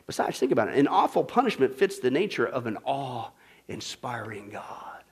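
A male pastor preaching a sermon, swinging between loud, emphatic passages and hushed whispers. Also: mid-range voice, big pitch swings, normal speed, breathy edge. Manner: dramatic swings from shouting to whispering.

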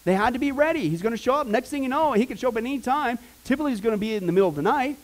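A man with a high voice leads a Bible class. He talks casually and rambles, with joking asides, then breaks into loud preaching. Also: lively intonation, very fast, rough recording. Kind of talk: informal Bible teaching.

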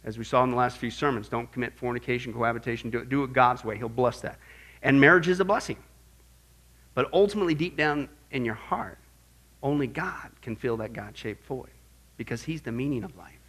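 A man preaching a sermon to his congregation, animated and joking, firing off rhetorical questions. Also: medium pitch, brisk. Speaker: pastor.

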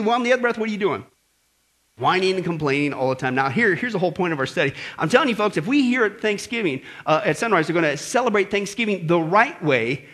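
A man preaching a sermon as pastor, with lively asides and frequent "okay?" and "right?" checks to the congregation. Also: sits high, breathy edge.

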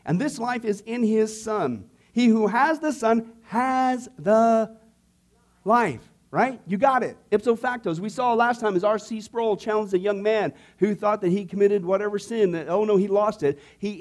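A man with a high, bright voice leads a Bible class for a room of students. His delivery is playful and full of jokes, and he keeps tossing "okay?" and "right?" back at the class. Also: normal speed. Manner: playful, jokey, with frequent "okay?" asides to the class. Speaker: pastor teaching a discipleship class. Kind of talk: lively Bible class teaching.

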